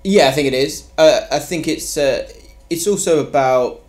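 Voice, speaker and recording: Chatty podcast host with a higher voice. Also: male voice, moderate pace, a little mellow. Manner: laughs often, loose and chatty. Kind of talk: casual football podcast chat.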